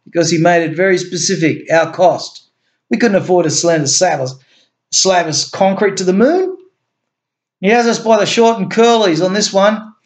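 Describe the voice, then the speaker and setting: A man's voice: high voice, normal speed, voice pushed up, lightly acted. A man voicing an earnest male agency chief in a homemade story reading, explaining things in an eager, insistent way. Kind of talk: amateur story reading with voices.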